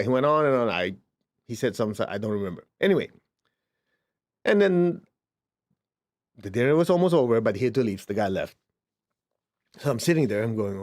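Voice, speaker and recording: A man teaching spirituality in a conversational way, checking in with his listeners often and jumping up in pitch for emphasis. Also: quick pace, long pauses. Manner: lively, swings up in pitch for emphasis. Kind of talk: informal spiritual talk.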